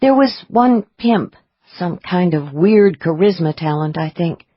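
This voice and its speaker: A woman voicing a guarded young woman psychic who speaks quietly and earnestly. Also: on the low side, animated, a little slow, husky, no echo, muffled recording.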